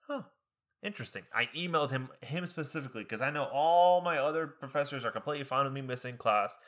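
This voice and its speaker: A young adult man telling a story in casual podcast chat, acting out the people he quotes. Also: mid-range voice. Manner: animated, acts out the people he quotes. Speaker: podcast co-host.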